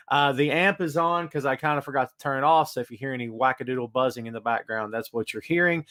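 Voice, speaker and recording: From his home studio, a man runs a laid-back live-stream podcast, chatting and calling out viewers by name. He has a medium-pitched voice that's a bit bright.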